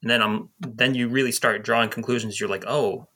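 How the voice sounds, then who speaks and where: A man's voice: mid-range voice, steady tone, brisk, sharp tone. A young man as a guest on a movie podcast, chatty and slipping into quoted voices. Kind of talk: casual movie discussion.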